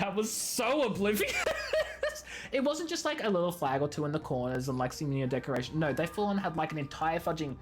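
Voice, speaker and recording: A twenty-something streamer talks to chat in a lively voice that swings up and down in pitch. They rant with energy and mock themselves, using "fudging" in place of swears. Faint game music plays behind. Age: 20s. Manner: animated ranting, swaps swears for "fudging"; talks to chat by name, self-mocking. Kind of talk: casual live-stream chat while gaming.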